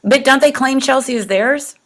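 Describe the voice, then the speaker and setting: A woman's voice: high voice, moderate pace. A woman hosting an interview show, sympathetic toward her guest and asking probing questions. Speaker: podcast host. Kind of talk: conversational interview.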